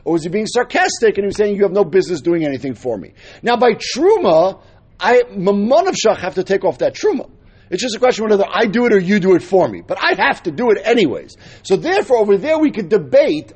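A man with a husky, high, darkish voice teaches a Talmud lesson, working through it step by step and mixing in Hebrew and Aramaic terms.

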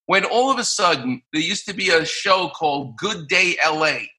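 Middle-aged guy from new york, surgeon guest on a podcast, telling stories and doing the voices, sharp voice. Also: fairly high pitch, normal speed. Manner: animated anecdote-telling, acts out quoted voices. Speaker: guest, orthopedic surgeon and radio host. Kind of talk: podcast interview storytelling.

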